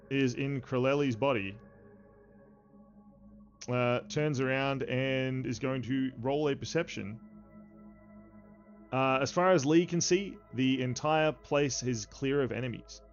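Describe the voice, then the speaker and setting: A man in the game master's seat describes the scene at an easy pace, dropping filler sounds as he goes. His voice sits at an ordinary middle pitch. The recording is a little dull and lo-fi. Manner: relaxed narration with frequent filler sounds. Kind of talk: narrating a tabletop game.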